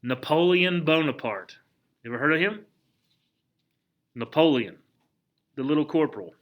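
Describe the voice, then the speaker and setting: A man teaching a history lesson in a lively, conversational way, asking the class questions and acting out historical figures in quick asides. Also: on the high side.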